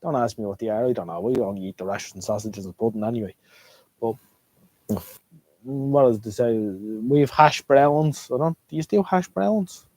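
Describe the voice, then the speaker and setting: Chatty Irish man with a mellow voice. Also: mid-range voice, moderate pace, dry recording. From Ireland. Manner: chatty, repeats himself, rambling. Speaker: live stream host. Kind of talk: casual live stream chat.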